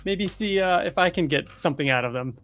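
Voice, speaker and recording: A man takes part in a tabletop game, speaking in a fairly high voice. He rambles and hesitates as he thinks out loud about what his character will do. A little music plays faintly behind him. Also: a little fast. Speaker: player. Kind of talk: casual tabletop game play.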